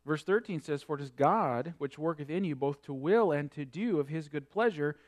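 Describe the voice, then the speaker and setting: A man preaching a sermon, quoting scripture in old-fashioned wording and swinging between emphatic peaks and quieter asides. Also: moderate pace. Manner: emphatic preaching, rising and falling in pitch and loudness. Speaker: pastor.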